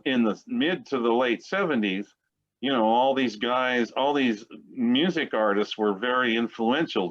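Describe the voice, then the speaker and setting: A man of about sixty with a fairly low voice spins rambling, chatty stories as an interview guest. His voice comes through a dull, lo-fi recording. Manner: rambling, chatty anecdote-teller. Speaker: guest musician. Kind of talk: casual storytelling interview. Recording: dull lo-fi sound.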